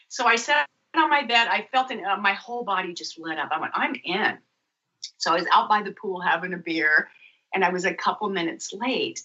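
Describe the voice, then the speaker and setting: Woman radio guest, animated storyteller; bright voice, dull lo-fi audio. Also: medium pitch, a little fast. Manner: animated storyteller acting out dialogue. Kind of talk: storytelling interview.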